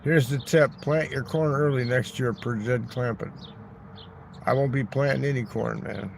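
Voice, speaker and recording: A gravelly, mid-range voice with a steady tone and moderate pace belongs to this livestream host, talking into his phone in a neighborhood park. His stream is a rambling, crude and joking chat with replies to viewers, with slight background noise behind him.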